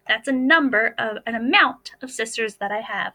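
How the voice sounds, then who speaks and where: A woman's voice: on the high side, normal speed, sharp tone, low-quality recording. A woman teacher with an American accent, explaining a phonics lesson over slides in a patient, step-by-step way.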